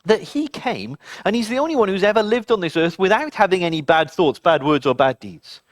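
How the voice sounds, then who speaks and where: Animated children's Bible storyteller. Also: medium pitch, fairly quick, no room sound, studio quality. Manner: animated, addresses children directly.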